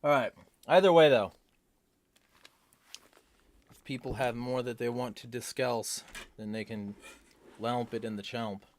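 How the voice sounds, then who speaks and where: A man's voice: medium pitch, fairly even intonation, measured pace, long pauses. A young man hosting a livestream, reading chat comments and answering them in a rambling, wry way.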